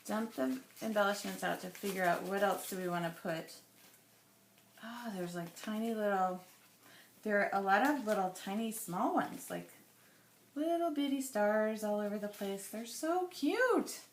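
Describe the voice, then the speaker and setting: A woman in her thirties, chatty and rambling as she thinks aloud while scrapbooking, her voice going a little hoarse. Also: mid-range voice, normal speed, roomy sound, slight background noise. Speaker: scrapbooking vlogger. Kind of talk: casual crafting chat.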